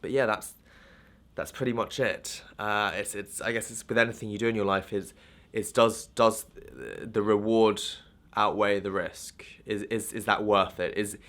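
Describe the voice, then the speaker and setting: A man's voice: on the low side, fairly even intonation, normal speed, fairly bright tone. Candid young man, rambling talk to camera. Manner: candid, rambling with frequent restarts and fillers. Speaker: vlogger.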